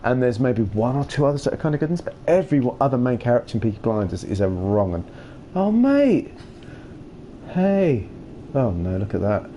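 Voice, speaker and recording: A man's voice: mid-range voice, big pitch swings, normal speed, dark tone, slight background noise. Chatty man with a Kentish accent. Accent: Kentish English. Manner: rambling, chatty, mumbles a lot. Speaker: gaming streamer. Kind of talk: casual chat while playing a video game.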